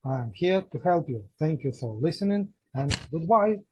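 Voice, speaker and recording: A man's voice: on the high side, animated, moderate pace, dark tone, a little hiss or hum, low-quality recording. A man teaching an English grammar lesson, patiently explaining step by step and repeating examples.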